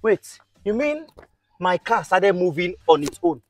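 A man acting a panicked, shouting husband who has lost his car in a comedy skit. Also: high-pitched, sing-song, measured pace, a little hiss or hum. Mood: frantic angry. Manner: frantic, shouting, exclamatory.

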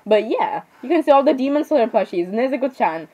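Girl rambling over a game, kinda high voice, says sorry every few words. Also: lively intonation, brisk, dark tone, muffled recording. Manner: rambling, keeps saying sorry, giggly asides. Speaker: gameplay commentator. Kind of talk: casual game commentary.

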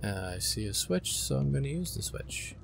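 A young man with a gravelly edge to his voice, talking his way through a game in a loose, chatty way. He hesitates and second-guesses himself, and he speaks to the characters on screen. There is a clear hiss of noise behind him. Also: mid-range voice, big pitch swings, normal speed. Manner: chatty, unsure, talks to game creatures. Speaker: gaming commentator. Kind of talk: casual let's-play commentary.

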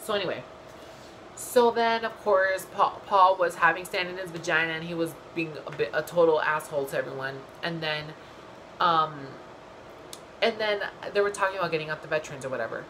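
A young woman vlogger recapping a reality show in a casual, gossipy way, blunt and full of swearing and animated asides. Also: low voice, a little fast, slight background noise, poor audio.

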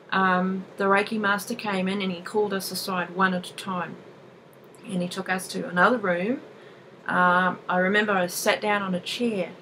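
Woman vlogger, thirties, mid-pitched, chatty and expressive storyteller who laughs easily, talking casually to camera with a faint hum behind her. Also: low-quality recording. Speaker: vlogger sharing a personal experience.

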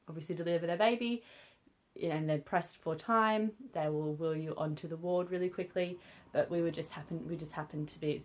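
A young woman with a British accent, chatting candidly to camera as a vlogger, with many fillers like "um" and "obviously". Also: deep voice. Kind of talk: casual chat to camera. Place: at home with her newborn.

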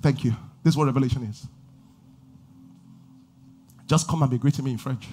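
A man preaching a sermon as pastor, asking the congregation questions and building to shouted passages. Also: medium pitch, fairly quick, a little hiss or hum.

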